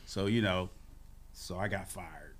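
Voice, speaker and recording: A man in his sixties telling lively, laughing stories as a guest on a radio morning show, acting out voices as he goes. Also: deep voice, a little slow. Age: 60s. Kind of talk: casual storytelling on a radio show.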